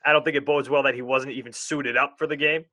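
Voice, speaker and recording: A young man co-hosting a casual sports podcast, rambling and animated, often interrupting himself. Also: medium pitch, fast talker, no echo.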